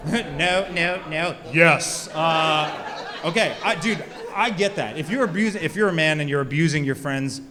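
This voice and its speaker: A man's voice: a little high, noisy background. A man in his thirties doing a stand-up comedy set, crude and self-mocking, bantering with the audience. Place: comedy club stage. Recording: live club with reverb and loud crowd. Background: audience laughter.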